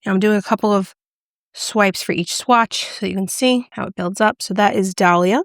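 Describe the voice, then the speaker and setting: A bubbly, excitable woman chatting through a makeup review and demo, gushing over each shade. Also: medium pitch, normal speed, dry recording, studio quality. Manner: drops to a whisper when excited. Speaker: beauty vlogger. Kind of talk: casual product review and demo.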